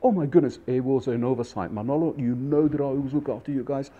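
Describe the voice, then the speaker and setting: A man voicing a group of wealthy male diners, flustered and gushing apologies in a shrill voice. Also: fast, narrow, tinny audio, lightly acted. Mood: panicked.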